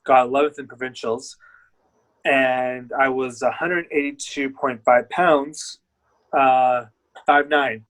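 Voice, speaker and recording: A man's voice: medium pitch, fairly even intonation, slow pace, fairly bright tone, poor audio. A man guest, a bodybuilder, telling his story in candid, rambling casual chat.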